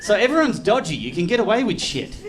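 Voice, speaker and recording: A man with an Australian accent doing live stand-up comedy, animated and jumping into loud put-on voices. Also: high voice, fast talker. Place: comedy club stage. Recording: live club mic, loud crowd laughter. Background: audience laughing.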